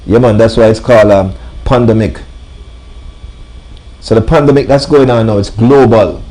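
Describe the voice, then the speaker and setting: A man hosts a live radio talk show from a studio. His voice sits fairly low, and he talks in an emphatic, preacher-like way, leaning on repeated phrases and calling out to his listeners. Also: steady tone, normal speed. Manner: emphatic, repeats "ladies and gentlemen". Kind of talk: live talk radio monologue with sponsor reads.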